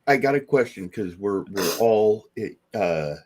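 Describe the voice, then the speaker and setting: Animated middle-aged man telling stories. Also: on the low side, unhurried. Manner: storytelling, animated voices for quoted people. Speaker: podcast co-host. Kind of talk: casual chat.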